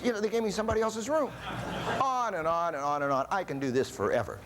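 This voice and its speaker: A man's voice: sits high, fast talker, slight background noise. An older man giving a seminar talk, telling jokey stories and asking the audience questions. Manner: animated storyteller, jokey, asks the audience questions. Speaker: seminar speaker. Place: seminar room before an audience.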